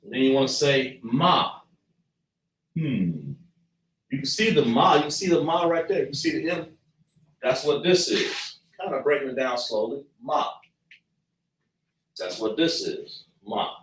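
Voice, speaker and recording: A man teaching a slow lesson at a chart, patiently breaking down and repeating sounds as he writes them out. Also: medium pitch, very animated, distant mic. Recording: echoey room, voice from afar.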